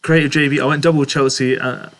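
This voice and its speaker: A man's voice: mid-range voice, level tone, quick pace, a bit bright. A young man hosting a casual live stream, reading out viewers' chat messages and answering them in a chatty way, often laughing. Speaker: livestream host answering chat.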